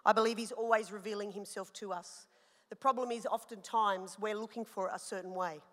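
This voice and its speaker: A woman pastor in her thirties preaching a sermon, animated and personal, telling stories with rising emphasis. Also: medium pitch, a little fast. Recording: long hall reverb.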